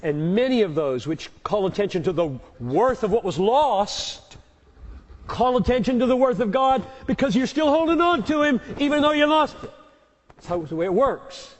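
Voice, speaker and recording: A man's voice: extremely high pitch, animated, normal speed. Emphatic man in an echoey hall. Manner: emphatic, repeats key words for force. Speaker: pastor answering audience questions. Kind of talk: live Q&A teaching.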